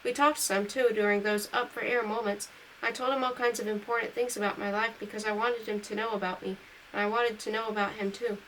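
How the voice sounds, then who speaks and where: A woman's voice: medium pitch, fairly even intonation, brisk, low-quality recording. Woman reading a novel aloud, faint background hiss. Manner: reads dialogue lines a little louder and livelier than narration; corrects her own slips aloud while reading. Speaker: audiobook reader. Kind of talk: amateur read-aloud of a novel.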